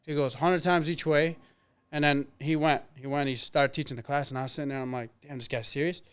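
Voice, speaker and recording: Young male fighter, rapid casual storyteller, smooth clear voice, slightly high. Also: steady tone. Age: 20s. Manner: rambling, lots of fillers and quoted dialogue. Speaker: interview guest, MMA fighter.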